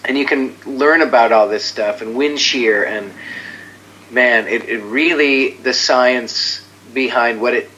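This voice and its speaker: A man speaking as an interview guest in casual chat, rambling and excitable, often trailing off and restarting, with a self-mocking chuckle. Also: medium pitch, slow, dull audio, slight background noise.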